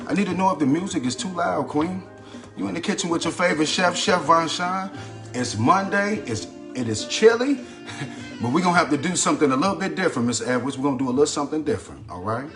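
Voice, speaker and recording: A man's voice: a little high, animated, fast talker. A man hosting a casual cooking livestream, greeting viewers by name in a chatty, repetitive way. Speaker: cooking channel host. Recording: faint background music. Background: background music.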